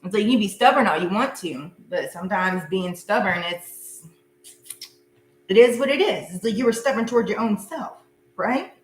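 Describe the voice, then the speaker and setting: A woman's voice: medium pitch, animated, normal speed. A middle-aged woman giving a casual live tarot reading, chatty and blunt, laughing often and cursing freely. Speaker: tarot reader. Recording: echoey room with faint hum.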